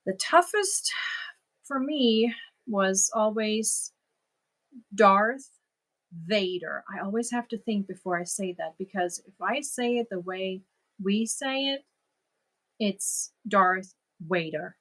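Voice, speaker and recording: Slow-talking German-accented woman. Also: medium pitch, expressive, fairly bright tone. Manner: chatty, laughs at herself, answers chat comments. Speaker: crochet livestream host. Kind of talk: casual livestream chat with viewers.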